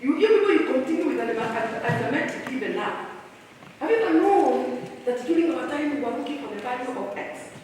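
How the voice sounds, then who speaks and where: A high-voiced woman leads a staff workshop, teasing her listeners and calling on them for answers. Her voice rings through a long, echoey hall, picked up from well back with a faint murmur of the room behind her. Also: fairly quick, a little hiss or hum. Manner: animated, teasing, quizzes the audience. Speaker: speaker at a staff retreat. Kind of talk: lively motivational workshop talk. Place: large hall with an audience. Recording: echoey hall, distant mic.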